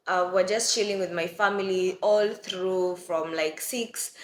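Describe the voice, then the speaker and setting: A woman's voice: medium pitch, fairly bright tone, a little hiss or hum. A young woman tells a story to her vlog viewers in a chatty, familiar way. Her voice sits in a middle range. The recording carries a noticeable room echo. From Kenya. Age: young adult. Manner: chatty, addresses viewers as guys. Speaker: vlogger. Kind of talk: storytelling to camera. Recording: roomy echo.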